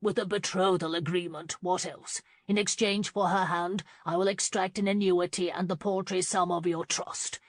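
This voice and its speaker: A man's voice: high voice, little pitch movement, moderate pace, few pauses, dry recording. A woman voicing a corpulent, greedy uncle who bellows and blusters in an audiobook scene. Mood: gruff. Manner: loud, bellowing and defensive. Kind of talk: audiobook character reading.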